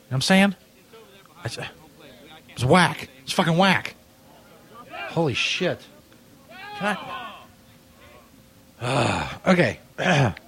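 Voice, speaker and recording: A man hosting a comedy podcast, ranting profanely as an exasperated broadcaster stuck in a bad spot. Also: mid-range voice. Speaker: comedy podcast host playing a frustrated sports broadcaster. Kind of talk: improvised comedy bit.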